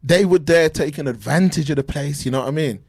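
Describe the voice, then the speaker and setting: A man's voice: a little high, brisk, vocal fry, breathy edge, no room sound. Chatty man on a dry call mic. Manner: animated, talks over himself with restarts. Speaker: podcast co-host. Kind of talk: casual sports chat. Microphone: remote call mic.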